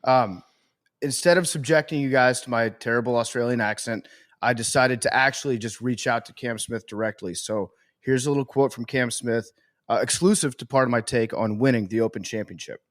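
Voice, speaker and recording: Deadpan male podcast co-host. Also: mid-range voice, a little fast. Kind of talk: casual sports chat.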